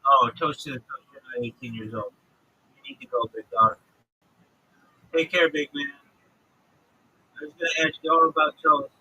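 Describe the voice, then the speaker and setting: Man, livestream host, casual profane rambling, acts out dialogue, fairly high voice, husky. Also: flat delivery, normal speed, long pauses, bright, forceful tone, no room sound, muffled recording.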